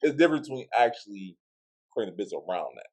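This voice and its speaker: A man with a somewhat low voice hosts a casual podcast interview. He talks loosely and easily, with slangy phrasing and frequent laughs. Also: very animated, very fast, a little mellow. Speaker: podcast host.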